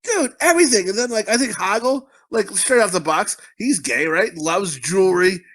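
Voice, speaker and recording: A man's voice: high-pitched, a little fast, few pauses. A man co-hosting a casual movie review podcast, swearing a lot and acting out quotes through laughter. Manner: crude, animated, acts out quotes with laughter. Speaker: podcast co-host.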